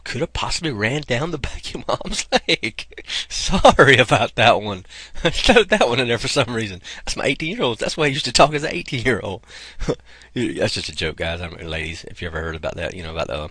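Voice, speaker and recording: Outdoors, a vlogger promoting an online income program rambles casually, constantly calling his viewers "guys" and "man." His medium-pitched voice is expressive, a little fast, pushed and bright with slight roughness, and there's no echo. He's getting over a cold and coughs now and then.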